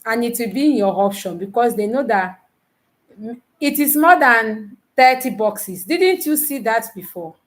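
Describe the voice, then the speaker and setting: A woman tutoring nurses in a live online lesson, teasing her students and quizzing them with repeated questions, counting aloud slowly. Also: fairly high pitch, animated. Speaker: nursing exam tutor.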